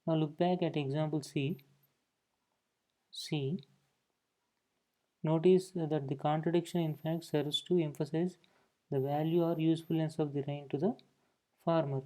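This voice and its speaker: A man's voice: a little high, steady tone, measured pace, pauses often, warm tone. A man teaching a grammar lesson, explaining points and often saying "okay" between them. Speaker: English teacher.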